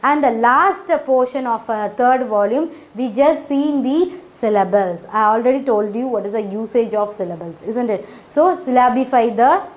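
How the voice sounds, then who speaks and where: A woman's voice: a little high, animated, moderate pace, hardly any pauses. A woman teaching phonics in a casual explanatory way, with frequent fillers and repeated check-ins, in non-native English grammar.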